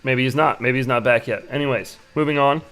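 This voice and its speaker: A man hosting a live stream, hoarse from losing his voice, greeting chat viewers by name in a laid-back way. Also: mid-range voice, fairly even intonation, a little fast, a bit bright, faint music behind.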